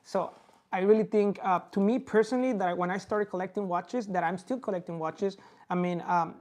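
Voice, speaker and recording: Spanish-accented woman for a podcast host, mid pitch, loose rambling chat. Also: fairly quick. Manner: relaxed, rambling, calls the listener bro. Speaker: watch dealer and podcast host.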